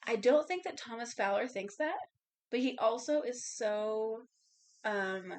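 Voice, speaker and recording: A woman's voice: on the high side, measured pace. Chatty woman podcast co-host. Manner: chatty, swears freely, finishes co-host's sentences. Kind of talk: casual movie discussion.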